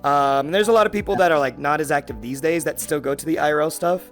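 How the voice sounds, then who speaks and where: A young adult man hosting a podcast, telling a story in a casual, excitable way with heavy swearing and lots of fillers. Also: fairly high pitch, quick pace, faint music behind. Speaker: podcast host.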